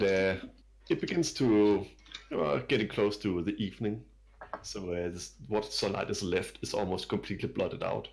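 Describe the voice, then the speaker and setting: A man narrating a tabletop game as dungeon master, describing scenes in a hesitant way full of fillers. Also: low-pitched.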